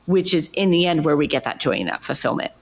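A woman with a gravelly, vocal-fry edge to her voice hosts a casual interview. She speaks as a coach, affirming and building on her guest's points with steady supportive backchannels. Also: deep voice, fast talker. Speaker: podcast host and coach.

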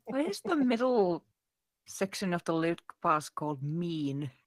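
A woman's voice: fairly low pitch, sing-song, measured pace, no echo, studio quality. Dryly amused woman podcast co-host. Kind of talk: casual comedic chat.

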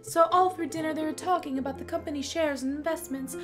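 A woman voicing a young female cat, a pampered daughter, in a soft, wistful way. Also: sits high, fairly even intonation, fast talker, over music, close to an everyday voice. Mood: recounting.

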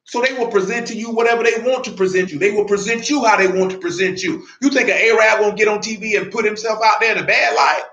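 A male preacher giving an emphatic sermon in blunt street talk, often building to shouts. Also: very high voice. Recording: roomy, dull lo-fi recording.

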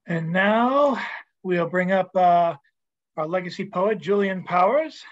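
A man's voice: sits high, lively intonation, takes it slowly. Man hosting over muffled call audio. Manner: stumbling, self-deprecating. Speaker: open mic host. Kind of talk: casual hosting. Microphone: video call.

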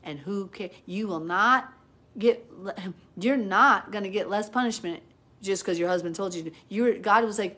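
Woman, Bible teacher on a live stream: earnest, chatty, mid-pitched, answers viewer comments as she goes. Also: normal speed, a bit bright. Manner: acts out quoted people with big jumps in pitch.

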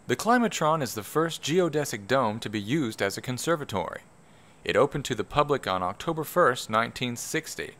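A man's voice: medium pitch, lively intonation, brisk, a bit bright, voice pushed up, lightly acted. A man putting on his best documentary-narrator voice, reading facts in a stiff, announcer-like way. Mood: formal. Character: mock documentary narrator, male, formal.

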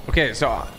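A man live-streaming a game, chatting casually and reading out viewer shout-outs in quick upbeat bursts, with a sore throat. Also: lowish voice, gravelly, a little hiss or hum.

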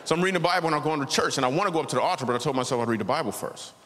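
This thirties-aged man's stand-up set takes place in a large church auditorium, where he narrates a story and acts out each voice. He sounds higher-pitched, animated and racing, with a fairly bright tone, some slight background noise, hall reverb and faint ambience.

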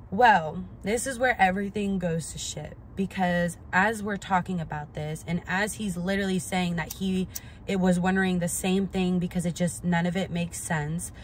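Casting: young woman vlogger, mid-range pitch, loose, animated, profane storyteller. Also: a little hiss or hum.

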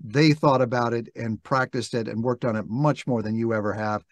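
An older man, a guest on an interview podcast, telling stories in a reflective, halting way and acting out quoted dialogue. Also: mid-range voice, steady tone, no echo. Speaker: interview guest, narrator and actor. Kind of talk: relaxed storytelling interview talk. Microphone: podcast microphone.

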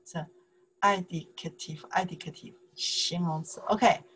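A woman's voice: fairly low pitch, fairly even intonation, slow, fairly bright tone, slight background noise. A woman with a Mandarin Chinese accent teaching a language lesson in English, patiently repeating phrases and checking in with "okay?".

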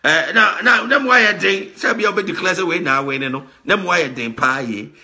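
A man's voice: high-pitched, brisk, bright, forceful tone. A Ghanaian man hosting a talk show, commenting emphatically, often repeating words and laughing. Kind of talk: animated commentary mixing Twi and English.

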